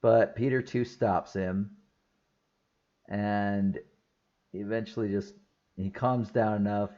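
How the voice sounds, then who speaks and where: A man's voice: lowish voice, steady tone, takes it slowly, mellow, lo-fi sound. A man talking casually through a film review, rambling and enthusiastic, with lots of fillers and laughs. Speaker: movie reviewer.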